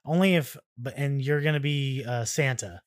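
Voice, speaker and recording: A man's voice: mid-range voice, moderate pace. A man co-hosting a casual podcast, rambling and trailing off. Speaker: podcast co-host. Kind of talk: casual chat.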